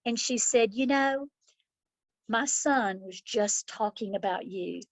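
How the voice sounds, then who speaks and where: A woman's voice: a little high, slow pace, no room sound. A middle-aged woman, a school principal, answering interview questions with heartfelt, reflective stories. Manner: heartfelt, reflective, acts out children's voices in stories. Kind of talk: interview answers, personal storytelling.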